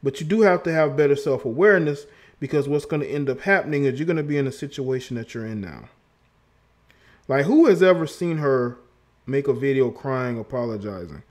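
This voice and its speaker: Man, livestream host, mid-pitched voice, mocking commentary, repeats words, laughs. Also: lively intonation, fairly quick, darkish tone. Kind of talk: commentary on a played clip.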